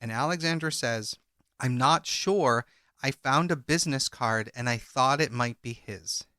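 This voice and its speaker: Man, podcast co-host, bright voice, dry close sound, reads out quoted lines. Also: mid-range voice, moderate pace, clear, resonant tone, no echo. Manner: recounts a transcript, reading out each speaker's lines in turn. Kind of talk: true crime podcast retelling.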